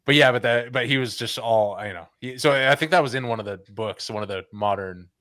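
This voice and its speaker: A man's voice: medium pitch, fairly quick, sharp tone, no room sound, clean studio sound. A man in a loose podcast chat, rambling through stories and peppering them with slang. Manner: loose, rambling, says "dude" and "like" often. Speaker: podcast host. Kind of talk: casual chat.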